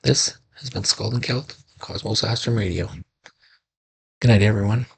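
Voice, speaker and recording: A male podcast host giving a slow, solemn scripted narration of sea folklore, now and then correcting his own slips. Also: fairly low pitch, husky.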